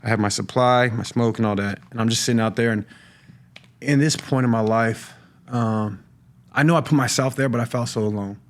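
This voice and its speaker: A middle-aged man giving a personal testimony on a podcast, talking in a halting way with many restarts and repeated words. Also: mid-range voice. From California. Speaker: podcast guest sharing recovery story. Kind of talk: personal testimony, casual talk.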